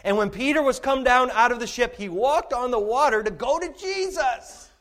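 A male pastor with a notably high voice delivers a sermon. He is emphatic, driving lines up to a shout and then dropping to quiet, intimate asides. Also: normal speed.

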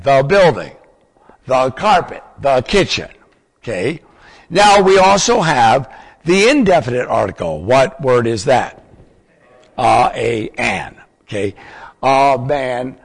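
A man's voice: medium pitch, husky. An older man preaching and teaching, quizzing his listeners with questions in an explanatory, teacherly way. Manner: teacherly, asks the audience questions. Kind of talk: sermon teaching. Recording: long hall reverb.

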